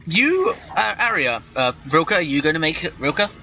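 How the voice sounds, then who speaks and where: A man running a tabletop game as game master over a voice call, talking in halting bursts full of restarts. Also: a little high, big pitch swings, sharp tone. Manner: halting, with many restarts and stammers. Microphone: computer microphone on a voice call. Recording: dull voice-chat audio with faint noise.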